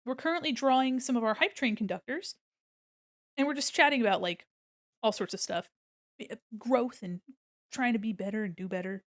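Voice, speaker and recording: A chatty American woman with a neutral accent and a fairly high voice, talking to her stream while she draws. She rambles, laughs a lot and greets viewers with bright bursts. The sound is close and dry, with no room around it. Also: brisk, long pauses, no room sound. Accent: neutral General American. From United States. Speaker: art streamer. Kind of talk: casual live-stream chat while drawing.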